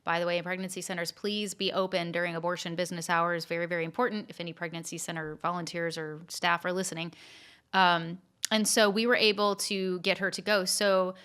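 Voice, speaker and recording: A woman co-hosting a podcast, telling a story in a lively, chatty way with frequent fillers and restarts. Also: fairly low pitch, fairly quick, clean tone. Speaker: podcast co-host telling stories. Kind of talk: casual storytelling chat.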